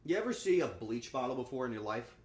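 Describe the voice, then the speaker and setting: A man's voice: medium pitch, animated, quick pace, darkish tone. A man streaming casually while cooking at home, joking crudely and talking back to his chat. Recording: echoey room with faint ambience.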